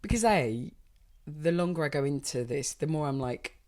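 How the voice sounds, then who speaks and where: A woman in her thirties, a stand-up comedian, talking casually and at length, animated and swearing freely. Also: sits low, moderate pace. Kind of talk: casual conversation.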